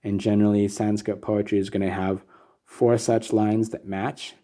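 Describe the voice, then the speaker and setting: Male teacher, low mellow voice, unhurried and methodical delivery with many pauses and ums. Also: little pitch movement. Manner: patient, methodical, frequent ums. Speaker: Sanskrit meter teacher. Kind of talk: slow recorded lesson.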